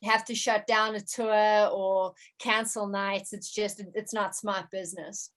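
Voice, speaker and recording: A woman's voice: medium pitch, steady tone, a bit bright. A woman musician and producer chatting in an interview, often restarting her sentences with fillers. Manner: halting, many restarts and fillers. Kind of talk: casual interview chat.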